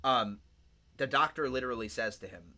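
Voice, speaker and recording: A man co-hosting a podcast in casual chat, telling stories in a rambling, profane, animated way. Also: mid-range voice, brisk. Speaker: podcast co-host.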